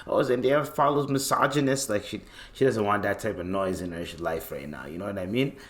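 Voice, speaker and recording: Slangy, animated young man. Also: sits low, fairly quick. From Canada. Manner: loose, slangy and animated, acts out voices in bits. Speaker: podcast host. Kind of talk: casual solo podcast rant.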